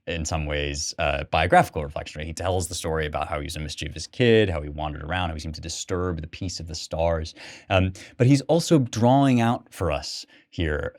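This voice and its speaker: A man's voice: deep voice, darkish tone. A man hosting a podcast, giving a thoughtful spoken literature lecture and often checking in with "right?".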